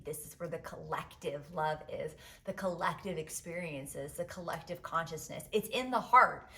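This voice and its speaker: Bright-voiced woman telling a candid story. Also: mid-range voice. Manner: emotional, profane, filler-heavy, many "like"s. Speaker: podcast host giving advice.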